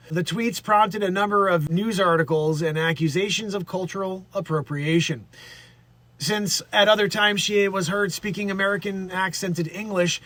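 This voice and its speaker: High-voiced man doing rambling comedy news. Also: a bit bright, dry recording. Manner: rambling, self-interrupting, mocking. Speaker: comedy news show host.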